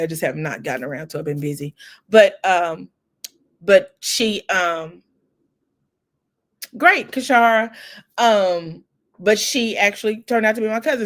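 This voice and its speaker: Her voice is on the lower side as she livestreams, chatting with live viewers. Close to tears, she still tells stories chattily, laughing and dropping a Southern "y'all."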